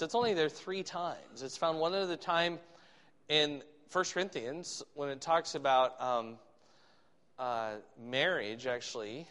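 A man preaching a sermon, reading scripture slowly and with emphasis, then explaining it in a conversational way. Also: fairly high pitch, animated, fairly bright tone. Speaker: pastor. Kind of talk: expository sermon. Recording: long hall reverb.

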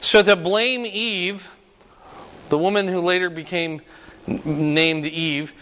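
A man leading a Bible study lesson in a relaxed, conversational way, often asking "right?" as he talks through the questions. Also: a little high, long reverb tail, low-quality recording. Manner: conversational, frequent rhetorical "right?".

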